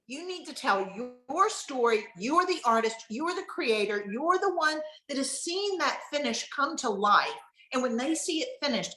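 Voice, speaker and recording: A middle-aged woman with a drawl leads a casual online mentoring session on furniture finishing, her voice high and sharply bright. She tells stories in an animated way, acting out what people said. The sound carries a roomy echo.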